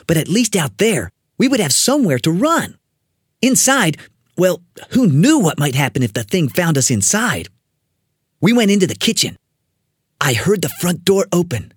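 Expressive storyteller with a husky voice. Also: mid-range voice, moderate pace, dry recording, clean studio sound. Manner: expressive, building suspense. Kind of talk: dramatic read-aloud of a spooky children's story.

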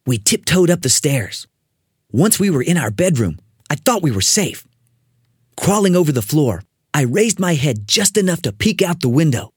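A storyteller reading a spooky children's story aloud, building suspense with an expressive delivery. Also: medium pitch, normal speed, breathy edge, no room sound, studio quality.

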